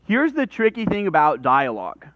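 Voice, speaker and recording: A man's voice: sits high, huge pitch swings, moderate pace, no room sound, lo-fi sound. A man leading a live workshop, explaining things in a conversational way and talking with his hands. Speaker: workshop presenter. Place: conference room with audience.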